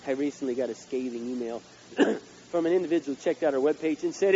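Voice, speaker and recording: A male pastor preaching a sermon, swinging between loud outbursts and hushed asides. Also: mid-range voice, fast talker, breathy edge, muffled recording.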